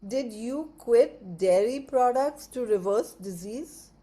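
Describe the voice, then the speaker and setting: A woman's voice: on the high side, expressive, takes it slowly, dark tone. A woman hosting an interview, encouraging her guest and reading out questions from viewers. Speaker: interview host.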